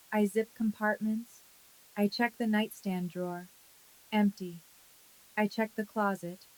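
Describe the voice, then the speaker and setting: A woman in her thirties narrating a dramatic first-person story in a calm, measured, quietly intense way. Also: mid-range voice, rough recording.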